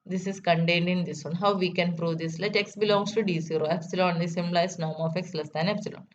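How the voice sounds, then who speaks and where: Woman lecturer with a lowish voice, methodical proof-by-proof delivery, muffled lo-fi recording. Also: steady tone, fairly quick. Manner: methodical, repeats key steps. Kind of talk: math lecture. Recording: dull lo-fi recording with faint noise.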